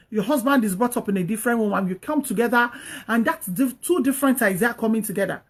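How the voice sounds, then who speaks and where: A woman's voice: a little high, slightly rough. Earnest woman giving advice. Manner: earnest, repetitive, exhorting. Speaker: host giving marriage advice. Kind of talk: preachy advice talk.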